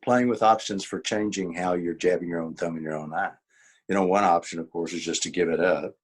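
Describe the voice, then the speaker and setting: A man's voice: low-pitched, brisk, husky. A man presenting a workshop as an author, talking informally, repeating key points with emphasis and acting out quoted exchanges. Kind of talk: informal teaching talk.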